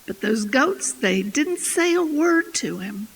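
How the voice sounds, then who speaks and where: High, raspy female storyteller. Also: sing-song, slow pace, a little hiss or hum. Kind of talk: tandem folktale telling. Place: festival stage. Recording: echoey hall.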